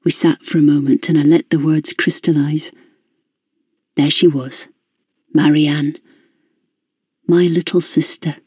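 A woman narrating a first-person audiobook in a measured, introspective way. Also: low-pitched, level tone, mellow, slightly rough, no echo, studio quality.

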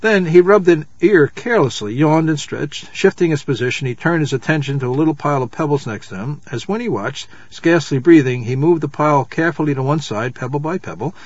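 Male storybook reader, husky, slightly high voice, dry dull home recording. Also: expressive, no echo. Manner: measured, announces page numbers. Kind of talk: reading a children's novel aloud.

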